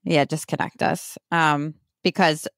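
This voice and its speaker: A woman's voice: deep voice, steady tone, a little slow, gravelly, a bit bright, no room sound, clean studio sound. A woman hosting a podcast, chatting casually about business over a remote call, with lots of "like" fillers. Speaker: podcast host. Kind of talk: casual business coaching chat.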